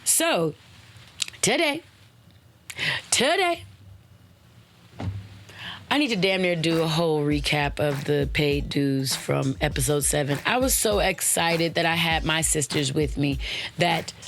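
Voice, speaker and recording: On her own podcast, a woman gives casual motivational talk in a playful, slangy style, animated and at normal speed. Her exclamations swoop up high, and she spells out web addresses letter by letter. A little hiss or hum sits in the audio.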